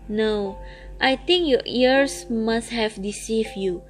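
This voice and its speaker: A woman's voice: fairly high pitch, takes it slowly, soft background music. Woman doing a merry old servant. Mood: jovial. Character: old servant man, jovial and disbelieving.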